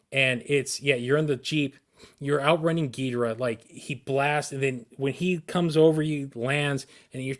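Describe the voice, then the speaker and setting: Excited man on a podcast, slightly high voice. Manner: excited, rambling recounting with frequent restarts. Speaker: podcast co-host. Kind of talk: casual podcast storytelling.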